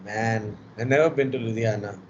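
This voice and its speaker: A man's voice: fairly low pitch, moderate pace, a little mellow. A man with an Indian English accent runs an online class in a worn, tired voice, chatty and teasing, with Hindi words mixed into his English. The video-call sound is a little muffled, with faint noise underneath. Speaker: lecturer.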